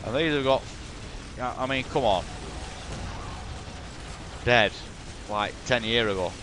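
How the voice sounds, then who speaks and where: A man's voice: medium pitch, slow, a bit bright, slight background noise. A man with a Yorkshire accent, commentating a replay of his own strategy game in blunt, sweary, exasperated banter. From Yorkshire, England. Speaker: gaming commentator.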